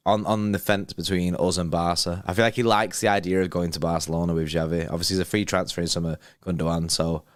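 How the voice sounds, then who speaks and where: Young bloke, deep-ish voice, dry mic, chats and laughs reading viewer msgs. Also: male voice, level tone, fast, hardly any pauses, no room sound. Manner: chatty, laughs often, reads viewer messages. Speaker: livestream co-host. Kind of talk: casual football chat.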